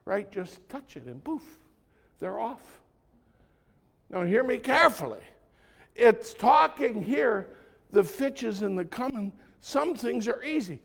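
A male pastor preaching a sermon in a conversational, storytelling way, swinging from loud emphatic lines to hushed soft ones. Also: extremely high pitch, very animated, slow pace, creaky, long pauses.

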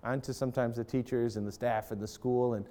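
Addressing parents and students, a male pastor preaches passionately, rising and falling in volume as he performs prayers aloud. His voice is mid-range and warm, fairly quick, with fairly even intonation.

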